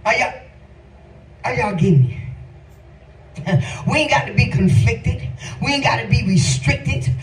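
A woman preaching a sermon, calling out questions to the congregation and breaking into half-sung shouts. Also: fairly high pitch, expressive, unhurried, pauses often, slight background noise. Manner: emphatic call-and-response preaching, rising into half-sung shouts. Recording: echoey room, voice from far off.

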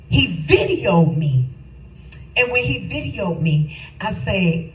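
A middle-aged woman preaches a personal testimony in a slow, emphatic way that climbs into shouts. Her tone is soft and dark. She is recorded from a distance in a roomy church, with faint noise behind her. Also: on the low side.

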